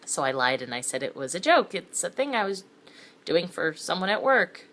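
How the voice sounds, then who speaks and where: A woman's voice: lowish voice, very animated, moderate pace, fairly bright tone. A middle-aged woman giving scripted first-person thriller narration with wry, sardonic asides, sometimes sinking to a whisper. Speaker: narrator of a thriller web series.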